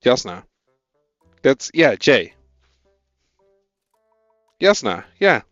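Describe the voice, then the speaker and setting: A man's voice: mid-range voice, sing-song, very slow, a bit bright, dry recording, lo-fi sound, soft background music. A man with a Dutch accent, a native Dutch speaker, thinking aloud as he codes and chatting with viewers on a casual live stream.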